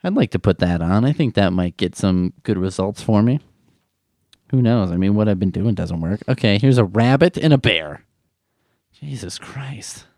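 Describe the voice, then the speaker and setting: A man's voice: lowish voice, animated, normal speed, darkish tone, dry recording, studio quality. A man riffing comedically in a rambling, sarcastic way, swearing often.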